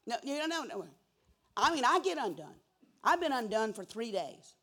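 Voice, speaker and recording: A woman preaching a sermon, swinging from hushed whispers to loud, emphatic cries and repeating key words for emphasis. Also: on the high side, sing-song, moderate pace.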